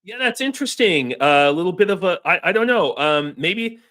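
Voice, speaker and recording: A regular on a laid-back online roundtable, this man from the United States speaks a little fast in a high, sharp, animated voice. His talk is rambling and peppered with restarts and filler words.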